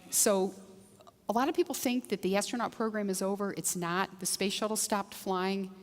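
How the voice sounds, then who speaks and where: A woman giving a keynote talk at a conference, walking the audience through slides in a relaxed, conversational way and pointing out places as she goes. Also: medium pitch, normal speed. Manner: conversational, explaining and pointing at pictures. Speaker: keynote speaker. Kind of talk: conference presentation narrating slides. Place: large conference hall. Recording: long reverb of a large hall.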